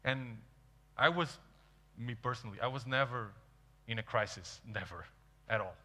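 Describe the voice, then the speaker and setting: A man in his thirties with a Portuguese accent, speaking English as a second language, tells stories on a stage. His voice is bright and forward, and he acts out the people he quotes. The sound rings out with a long reverb from a large hall. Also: medium pitch, moderate pace. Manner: animated, acts out quoted dialogue. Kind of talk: storytelling keynote talk.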